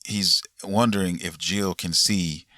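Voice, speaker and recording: A man with a very low voice talks through a game's ending in a loose, rambling podcast chat. He swears often and leans on fillers. The sound is dry and close, with little room echo. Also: fairly even intonation, measured pace, bright, forceful tone. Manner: laid-back, rambling, frequent swearing and fillers. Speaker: gaming podcast host. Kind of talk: casual chat recapping a game ending.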